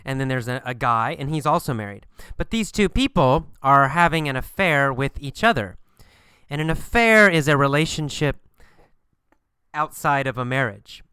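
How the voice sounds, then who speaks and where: A man teaching a recorded English lesson, repeating words slowly and encouraging his listeners. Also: medium pitch, animated, sharp tone, clean tone, no echo, studio quality. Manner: slow, repetitive, encouraging.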